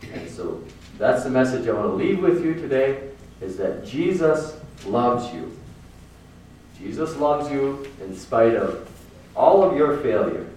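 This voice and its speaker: Casting: earnest male preacher, low voice, recorded from a distance, casual sermon with repeated phrases. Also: darkish tone, a little hiss or hum. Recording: very echoey room from far off.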